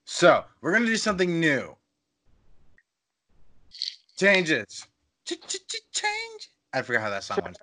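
A man's voice: medium pitch, huge pitch swings, fast, few pauses, bright, forceful tone, a little hiss or hum. A man hosting a podcast in casual chat, playful and jokey, rambling a little as he talks. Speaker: podcast host.

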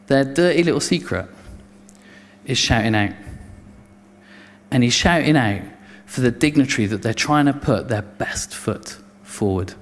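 A man preaching a sermon, telling the story with many restarts and acting out the voices of the crowd. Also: medium pitch. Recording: long reverb of a hall.

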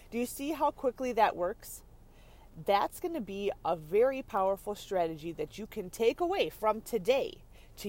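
Parked in her car on a rainy day, a woman podcast host gives a motivational talk on leadership and stress. Her medium-pitched voice carries bright, chatty energy, and she laughs often and pauses to check in with her listeners.

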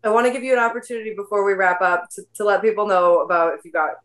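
A woman's voice: mid-range voice, steady tone, racing, fairly bright tone. A woman hosting an interview in casual chat, affirming often with fillers. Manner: affirming, frequent yeahs, fillers. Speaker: interview host.

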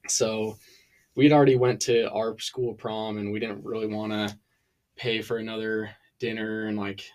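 A young man, a podcast guest, telling a story in casual chat, hesitant and slow to get going, with fillers and pauses. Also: on the low side.

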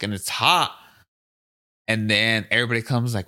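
A young adult man with a fairly low voice and a bright, forceful edge to his tone. He tells his story in a relaxed, profane way. He slips into quick impressions of the people he quotes. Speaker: podcast guest, gym owner. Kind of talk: casual storytelling.

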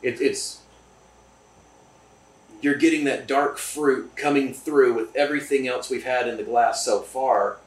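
A man's voice: mid-range voice, steady tone, measured pace, pauses often. A man hosting a casual, enthusiastic, joking tasting chat at a distillery. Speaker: host. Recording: roomy, from a distance.

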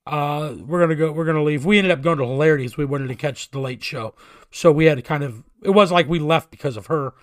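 Loud, profane man telling a story. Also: on the high side, fast talker, no echo, studio quality. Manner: profane, animated, self-mocking storyteller. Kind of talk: casual storytelling chat.

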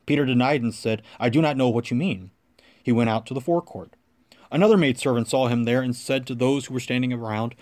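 A man giving a liturgical scripture reading and then reciting prayers in a solemn, measured manner. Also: medium pitch, darkish tone. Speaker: scripture reader.

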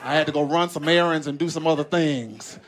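A man from Arkansas with a Southern accent, doing a profane, animated stand-up set on stage in front of a live audience. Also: a little fast. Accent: Southern American. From Arkansas, USA. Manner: animated, profane storytelling with big pitch swings into voiced characters. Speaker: stand-up comedian. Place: large live comedy venue with laughing audience. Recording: live crowd laughter and noise.

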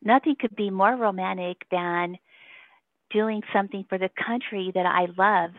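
A woman's voice: mid-range voice, steady tone, normal speed, no room sound. Woman calling in, rambly and emotional, laughs a lot, tinny phone audio. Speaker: interview guest. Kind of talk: casual phone interview.

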